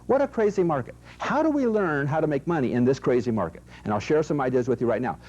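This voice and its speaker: A man in middle age leads an investment seminar, pressing each point home and repeating it with rhetorical questions. His voice is warm and slightly husky. The sound is dull and lo-fi, like a tape from an old VHS. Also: mid-range voice, sing-song, quick pace. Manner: emphatic, repetitive, rhetorical questions to the audience. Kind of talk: recorded seminar talk.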